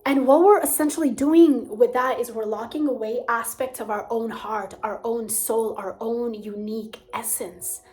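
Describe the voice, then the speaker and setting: Brief: young woman coach, soft and hushed, fairly high voice, slow gentle teaching. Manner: soft-spoken, drops to near whispers. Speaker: spiritual coach and channel host.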